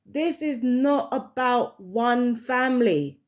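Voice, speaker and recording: Woman, slightly high pitch, vlogger, angry swearing monologue. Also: lively intonation, slow. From London, England. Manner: heated, profane ranting. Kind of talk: casual monologue to camera.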